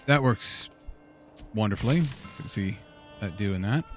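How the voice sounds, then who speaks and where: A man's voice: on the low side, animated, measured pace, music in the background. A man streaming a game, chatting casually and muttering exasperated questions to himself as he plays. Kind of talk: casual gameplay commentary.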